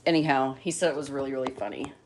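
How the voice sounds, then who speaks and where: A woman's voice: rumbling low, fast talker. A middle-aged woman hosting a casual livestream at home, chatting and sweetly coaxing her pet bird, recorded on a phone on a tripod. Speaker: bird channel host. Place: home, indoors. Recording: roomy, distant phone mic, loud noise.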